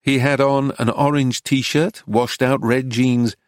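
A man narrates a story at a measured, even pace, with a mid-range voice. The recording is dry and close-miked, with no room sound. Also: medium pitch, dry recording. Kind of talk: audiobook narration.

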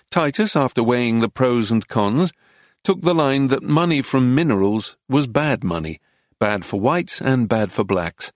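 A man reading a book aloud in measured, even storytelling narration into a close studio mic. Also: medium pitch, no echo. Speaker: audiobook narrator. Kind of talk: scripted narration.

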